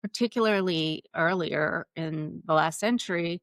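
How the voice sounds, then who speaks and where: Woman, interview host, earnest and thoughtful, lowish voice, dry close sound. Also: a little slow, a bit bright, no room sound. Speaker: podcast host. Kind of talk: live interview hosting.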